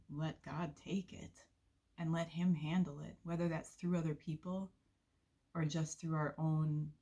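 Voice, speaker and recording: A woman shares a faith testimony from her volunteer work in an earnest, unhurried devotional talk, letting out soft laughs along the way. Her voice is low with a breathy edge.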